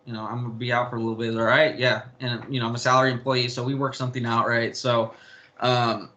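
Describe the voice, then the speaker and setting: Man, young adult, bright tense voice, candid interview talk, rambling, restarts, casual swearing. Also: medium pitch, level tone, fast talker, lo-fi sound. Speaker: interview guest. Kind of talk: candid personal storytelling.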